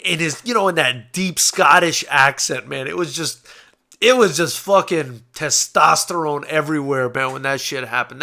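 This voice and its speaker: A man hosting a live post-fight boxing reaction stream, chatting casually, getting excited and swearing freely. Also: a little high. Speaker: boxing show host.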